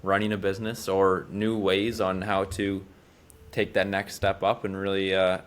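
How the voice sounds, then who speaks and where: A man hosting a relaxed podcast speaks in a lowish voice. He backs up his guest with short affirmations, then shares his own view as a small business owner. His tone stays conversational throughout. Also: moderate pace. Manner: agreeable, frequent short affirmations.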